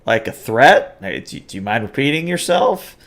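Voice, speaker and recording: A man's voice: mid-range voice, sing-song, moderate pace, fairly bright tone, pitched above the performer's own voice. A man voicing an indignant alien woman leader. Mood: icy. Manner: demanding, then stammering in disbelief.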